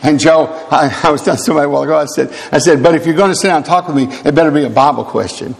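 An older man preaches in a church hall, his voice pitched a little high and carrying a long reverb. He is emphatic and animated, stressing his points and dropping in quick laughs and asides. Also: gravelly. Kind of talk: sermon.

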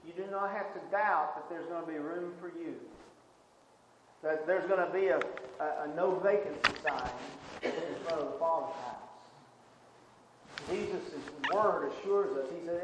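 A man with a somewhat high voice preaches in an earnest, emphatic way, circling back and restarting his phrases as he builds each point. His voice rings through a very echoey hall with a long reverb tail. A faint hiss of noise sits underneath. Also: moderate pace. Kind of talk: sermon.

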